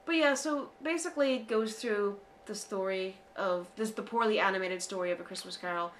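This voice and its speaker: An American woman co-hosting a casual podcast, chatty and animated, with many fillers. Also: medium pitch, brisk, slight background noise. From United States. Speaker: podcast co-host. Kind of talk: casual chat.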